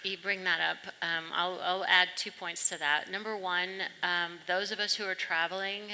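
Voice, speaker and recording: A woman's voice: lowish voice, level tone, moderate pace, pushed and bright, a little hiss or hum. A woman speaking on a panel, telling a story from her own work in an earnest way. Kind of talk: panel discussion, anecdote. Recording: reverberant hall.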